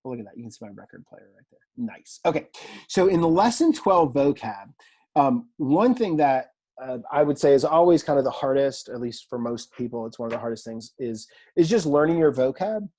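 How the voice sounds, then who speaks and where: A man teaching a recorded online language lesson in a relaxed, chatty way, with fillers and asides, from a room at home. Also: medium pitch, fairly quick. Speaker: Greek teacher.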